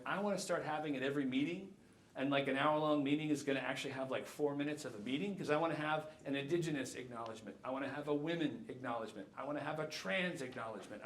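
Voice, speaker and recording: A man in his fifties giving a jokey, animated keynote talk to a live audience. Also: fairly high pitch. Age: 50s. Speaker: keynote speaker. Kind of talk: conference talk. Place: lecture hall. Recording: echoey hall.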